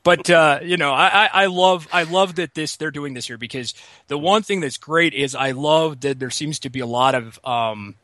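An excitable man talking casually about games, his voice bright and a little high. He rambles and restarts often, and the sound is close and dry. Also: moderate pace, dry recording. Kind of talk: casual gaming chat.

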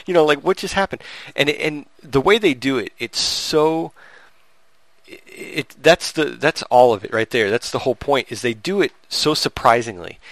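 A man's voice: mid-range voice, no echo. A man co-hosting a podcast, retelling a movie in a casual, rambling way with lots of restarts. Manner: rambling, animated storytelling with frequent restarts and laughs. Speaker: podcast co-host reviewing a movie. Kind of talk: casual chat.

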